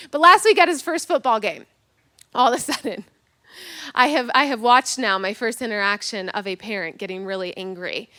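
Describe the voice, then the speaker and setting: A woman's voice: fairly high pitch, a little fast. A woman pastor in her thirties preaching a sermon, telling a funny personal story and acting out the lines of the people in it. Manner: animated storytelling with acted-out quotes, self-mocking humor.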